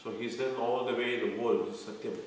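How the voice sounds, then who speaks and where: Male scripture teacher, measured explaining style, echoey room with faint background noise. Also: mid-range voice, steady tone. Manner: explains terms slowly, quizzes listeners. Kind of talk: devotional scripture lecture. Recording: echoey room, mic far off.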